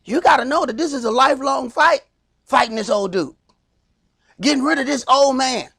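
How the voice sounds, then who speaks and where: A man with a Southern US accent teaching a Sabbath Bible class in a loud, animated sermon style, acting out little skits. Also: very high voice, normal speed, gravelly, breathy edge. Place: congregation hall.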